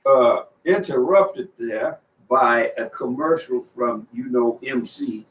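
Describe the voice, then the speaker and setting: A man's voice: medium pitch, takes it slowly, a bit bright, roomy sound, recorded from a distance, low-quality recording. A man hosting a radio show, bantering casually and teasing his co-host with frequent laughs.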